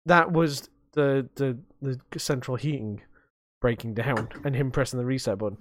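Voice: mid-range voice, steady tone, moderate pace, dry recording, studio quality. A young adult podcast host chatting casually, rambling and swearing freely with a self-mocking streak.

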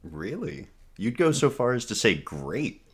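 A man joining a casual podcast chat, speaking in a slow, teasing drawl. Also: medium pitch, big pitch swings, breathy edge.

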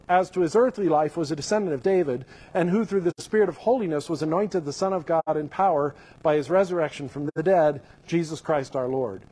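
A male pastor giving a sermon, reading scripture aloud and explaining it with animated enthusiasm. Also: high-pitched, rough recording.

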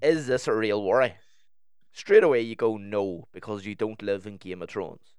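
A man's voice: on the low side, moderate pace, darkish tone, clear, resonant tone, no echo. A man in casual podcast chat, talking candidly and swearing freely as he tells personal stories.

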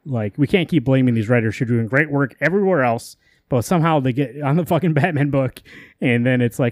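A man's voice: medium pitch, animated, a little mellow, dry recording, studio quality. A man co-hosting a podcast, retelling a comic story in loose casual chat and swearing offhandedly. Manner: rambling, quotes characters in quick asides, curses casually. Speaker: podcast co-host.

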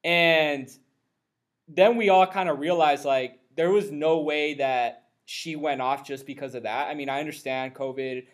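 This man hosts a podcast and talks loosely, wandering through stories with plenty of fillers and sudden bursts of energy. His voice sits a little high for a man. He sounds casual, like he is chatting with a friend. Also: a little slow. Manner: loose, rambling, animated storytelling. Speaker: podcast host.

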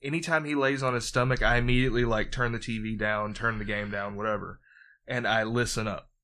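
Guy guesting on a podcast, bright sharp voice, tells stories and swears a bunch. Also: medium pitch, fairly even intonation, fairly quick. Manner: storytelling, swears freely. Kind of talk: casual podcast chat.

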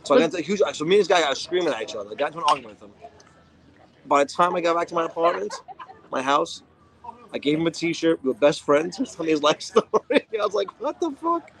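A man's voice: a little high, lively intonation, fast talker, fairly bright tone. A man in a casual chat, blunt and swearing as he tells stories.

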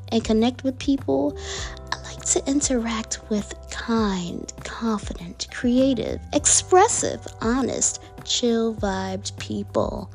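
Over soft background music, a woman reads affirmation cards aloud in a fairly high, slightly mellow voice with vocal fry and wide pitch swings. Her playful vlog delivery stretches words out and drops into whispers.

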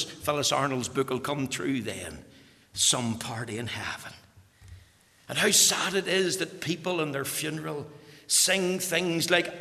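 A man preaching a sermon, dropping to hushed whispers and then rising to loud, fervent emphasis. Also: a little high, lively intonation, moderate pace, creaky. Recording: long reverb of a large hall.

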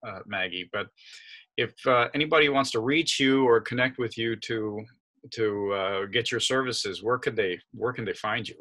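A man with a fairly low but bright, forceful voice hosts a podcast. He talks in an upbeat, joking way and steers the conversation. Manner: upbeat, jokey, animated. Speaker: podcast host. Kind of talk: casual podcast interview.

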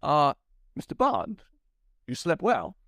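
A man's voice: fairly high pitch, wildly swooping pitch, slow pace, a bit bright, no room sound, clean studio sound, pitched above the performer's own voice, heavily acted. A man doing a sly drawling film villain. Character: smooth menacing male film villain, middle-aged.

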